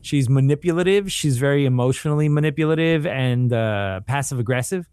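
A man with a mid-pitched voice talks about a series in relaxed podcast chat. He tells scenes with lively energy, briefly acting out what characters say. The recording is dry and close. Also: fairly quick, smooth, dry recording. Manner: animated storyteller, acts out quotes. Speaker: podcast co-host. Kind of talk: casual chat reviewing a TV show.

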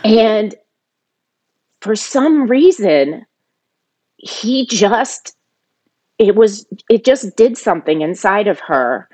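A woman's voice: mid-range voice, very animated, slow, long pauses, darkish tone. Middle-aged woman telling a family story. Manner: emotional, rising sharply when quoting her younger self. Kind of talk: personal storytelling.

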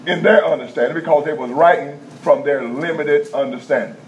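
A man preaching a teaching sermon in a conversational style, checking in with the congregation and repeating key points slowly in vernacular speech. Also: on the high side. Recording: dull lo-fi sound with faint background noise.

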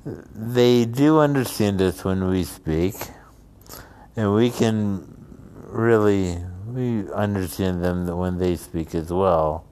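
A man's voice: low voice, slow pace, warm tone, clear, resonant tone. A man from the United States telling a casual story and rambling into musings. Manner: rambling, drifts between anecdote and musing.

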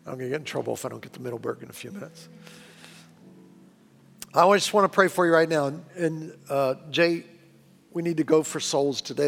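A man preaching a sermon as pastor, earnest and pleading, often sinking to a hushed voice. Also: medium pitch, gravelly. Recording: long reverb with faint music behind.

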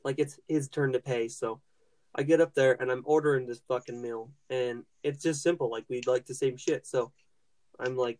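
A man's voice: mid-range voice, fairly even intonation, moderate pace, darkish tone. Young man ranting through a profane story. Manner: rambling, heavy swearing, frequent restarts. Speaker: podcast host.

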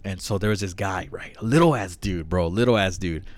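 Low-voiced slangy young man telling a story. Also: fairly quick, no echo. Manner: slangy, profane, animated storytelling with acted quotes. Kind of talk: casual storytelling.

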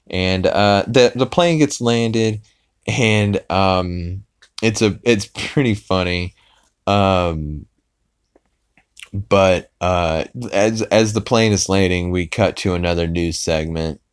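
A man's voice: sits low, slow, smooth. A man hosting a podcast, casually recapping a cartoon episode in a rambling way with many fillers. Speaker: podcast host.

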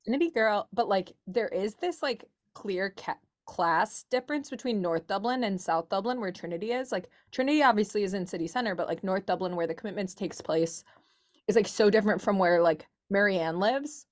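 A young woman co-hosting a relaxed book club chat. She speaks at an ordinary, middle pitch and winds through her thoughts with loose, filler-heavy phrasing. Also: brisk. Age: young adult. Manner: chatty, many "like" fillers, thinks aloud. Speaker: book club podcast co-host. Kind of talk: casual chat.

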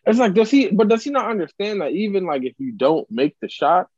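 A man in casual sports banter with a fairly high voice that leaps all over the place as he rants. The sound is dry and a little dull, with no room around it. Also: fairly quick, husky, no echo. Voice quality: animated, ranting, jumps high in pitch when worked up. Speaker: podcast co-host.

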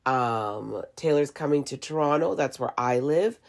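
A woman with a low, gravelly voice delivers a casual opinion monologue from home. She is blunt and unfiltered and swears freely. A cough catches her now and then. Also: measured pace. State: has a cough. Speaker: vlogger.

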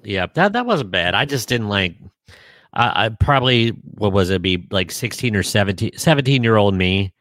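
A man with a low voice hosts a casual podcast chat. He jokes in a dry, deadpan way and pauses often with ums. The sound is close and dry, with no room echo. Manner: dry joking, hesitant with many ums. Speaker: podcast co-host.

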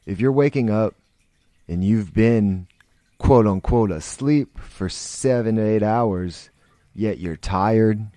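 A man's voice: lowish voice, takes it slowly, dark tone, no echo. A man hosting a podcast, talking in a blunt, profane, rambling monologue full of restarts. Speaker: podcast host. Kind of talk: casual monologue.

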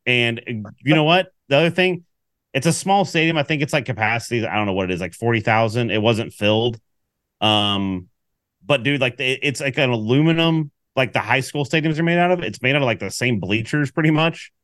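A man's voice: medium pitch, fairly quick, no room sound. Guy ranting about a football trip, acting out what people said, dry mic. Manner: animated storyteller, acts out quotes. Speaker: podcast co-host. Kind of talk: casual sports chat.

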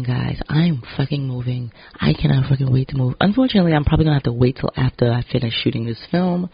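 Raspy, gravelly man talking candidly. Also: on the high side, dry recording, muffled recording. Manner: candid, rambling, profane. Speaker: vlogger and actor. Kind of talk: casual vlog monologue.

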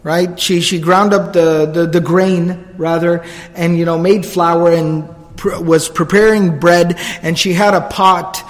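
A man's voice: on the high side, level tone, a little slow, long reverb tail. A man giving a storytelling religious lecture, earnest and explanatory, repeating phrases for emphasis and reciting Arabic quotes fluently.

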